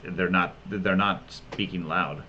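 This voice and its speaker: A man running a tabletop game as game master, narrating and giving rulings in a calm, measured way. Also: low-pitched, lo-fi sound, slight background noise.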